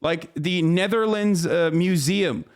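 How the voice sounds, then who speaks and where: A man's voice: sits high, slow pace, smooth. A man streaming live, giving casual, profane and incredulous commentary as host.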